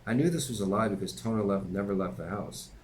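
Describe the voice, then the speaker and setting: A man's voice: on the low side, fast talker, a little mellow, slight background noise, low-quality recording. A man reading his own memoir aloud in a plain conversational way, with occasional slips and offhand asides.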